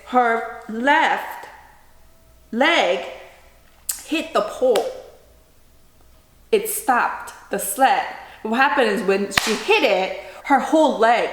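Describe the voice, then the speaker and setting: A fairly high-voiced woman in her thirties tells a family story for a vlog, acting the scenes out as she goes. She keeps asking "right?" to pull the listener along. Her voice rings in a roomy, echoing space. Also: a bit bright. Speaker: mother telling a family story. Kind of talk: storytime vlog, casual retelling. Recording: roomy echoing room sound.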